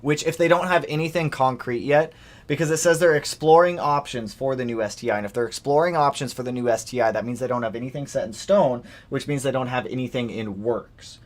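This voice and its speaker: Animated young man hosting a car livestream. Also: mid-range voice, fairly quick. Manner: animated, reads donations aloud. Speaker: livestream host. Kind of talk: casual livestream chat.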